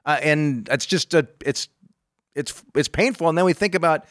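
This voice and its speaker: A man's voice: fairly high pitch, normal speed, a bit bright, no room sound, studio quality. A man co-hosting a call-in money radio show, chatty and loose, laughing often between thoughts. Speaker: financial radio show co-host.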